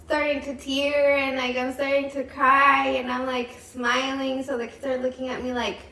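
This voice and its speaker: A chatty young woman with a fairly high voice tells family stories. She keeps quoting her children and leans on "like" over and over. She sits a bit back from the mic in an echoey room with faint hiss. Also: little pitch movement, moderate pace, sharp tone, far from the mic. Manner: chatty storytelling, many "like"s, quoting her kids. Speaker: podcast co-host, mother. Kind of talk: casual chat. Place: home.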